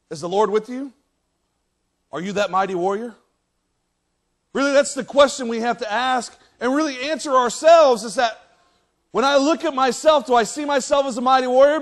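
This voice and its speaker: A man preaching a sermon as pastor in a church, reading scripture aloud and acting out lines with many restarts and animated emphasis. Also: extremely high pitch. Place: church sanctuary.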